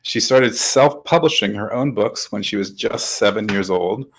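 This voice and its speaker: A man's voice: fairly low pitch, moderate pace, a little hiss or hum, low-quality recording. A man hosting a webcast interview, talking in an upbeat, chatty way with lots of fillers. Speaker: webcast host. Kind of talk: casual hosted interview.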